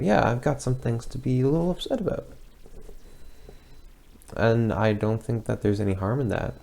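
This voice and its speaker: A young man talking casually as he reacts to his own old video, hesitant and rambling, with lots of pauses and restarts. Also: mid-range voice, creaky, darkish tone. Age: young adult.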